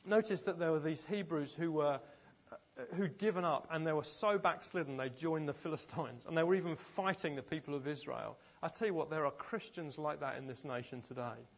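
A man's voice: on the high side, a little fast. A man preaching a sermon as pastor, telling stories in a conversational way and often laughing.

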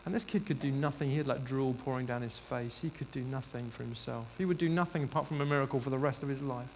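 A man's voice: medium pitch, fast talker, darkish tone, a little hiss or hum. Earnest man preaching in a hall. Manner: earnest, rising to emphatic bursts with many restarts. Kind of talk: sermon. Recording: reverberant hall, faint ambience.

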